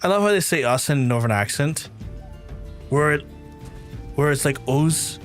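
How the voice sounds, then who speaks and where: A young man, chatting casually while playing a game, rambling and animated. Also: fairly high pitch, moderate pace, soft background music. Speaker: streamer. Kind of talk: casual let's-play chat.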